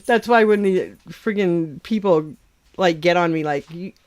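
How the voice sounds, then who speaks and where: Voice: medium pitch, unhurried, a little mellow. A livestream host who chats casually and bluntly, swearing freely and laughing often.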